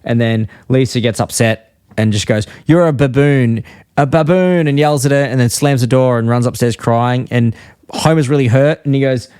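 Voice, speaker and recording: A man's voice: mid-range voice, steady tone, normal speed, darkish tone, clean tone, no room sound, clean studio sound. A man co-hosting a podcast, casually retelling scenes with quoted lines and restarts. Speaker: podcast co-host. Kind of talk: casual chat recapping an episode.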